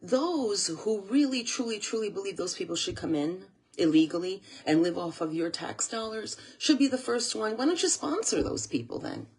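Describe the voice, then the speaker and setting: American woman host, kinda raspy, teary and earnest, keeps circling back on her words. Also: medium pitch, big pitch swings, normal speed, hardly any pauses, darkish tone. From USA. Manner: earnest, tearful, repeats phrases. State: close to tears. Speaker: channel host. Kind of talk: emotional monologue to camera.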